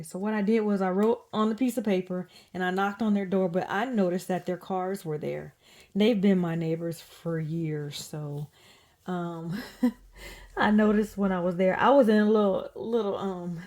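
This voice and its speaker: A woman's voice: mid-range voice, a little mellow. A woman telling a rambling story in a casual home vlog, full of fillers and restarts while she changes a doll. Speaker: reborn doll artist.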